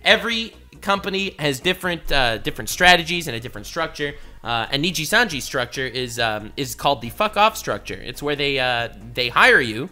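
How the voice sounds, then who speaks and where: Bright-voiced excitable male streamer. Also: fairly high pitch, fairly quick, hardly any pauses. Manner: excitable, swears freely, loud outbursts. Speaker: streamer reacting to a video. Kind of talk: casual reaction commentary.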